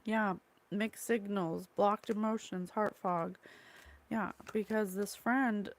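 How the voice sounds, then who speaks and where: A woman medium channels spirit at home, speaking in a rambling, halting flow. She stops to blurt out single words she says come from spirit. Her mid-range voice has a gravelly fry to it. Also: medium pitch, fairly even intonation. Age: adult, mother of a young child. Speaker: psychic medium host. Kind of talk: solo spirit channeling monologue. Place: at home, in a room with curtains and a candle.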